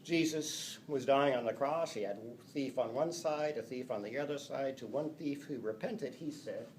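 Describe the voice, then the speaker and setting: A man teaching a class, lively and playful, reading example sentences aloud. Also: mid-range voice, moderate pace, a little hiss or hum. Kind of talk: classroom lecture. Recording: echoey classroom from a distance.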